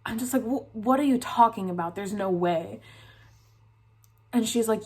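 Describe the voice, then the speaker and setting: A woman's voice: fairly high pitch, moderate pace, pauses often, breathy edge. A young woman vlogger telling a dream story casually, rambling with constant filler words.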